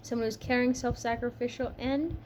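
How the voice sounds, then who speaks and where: A woman's voice: on the high side, fairly even intonation, a little fast, a little mellow, slight background noise. A woman giving a casual tarot reading, chatty and frank, tired from a long shift. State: tired, yawning. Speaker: tarot reader.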